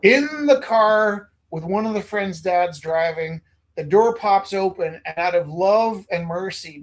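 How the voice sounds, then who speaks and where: A man from Canada telling a story in casual chat, animated, acting out the quotes loudly. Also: fairly high pitch. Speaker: host.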